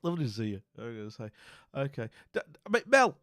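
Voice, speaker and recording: A man's voice: mid-range voice, sing-song, racing, fairly bright tone, no echo, studio quality, soft background music. Rambling, chatty streamer man. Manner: rambling, friendly, many fillers and restarts. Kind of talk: casual chat.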